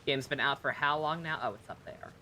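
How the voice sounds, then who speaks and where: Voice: medium pitch, fairly quick, noisy background. A streamer chatting casually over gameplay, swearing freely and laughing often.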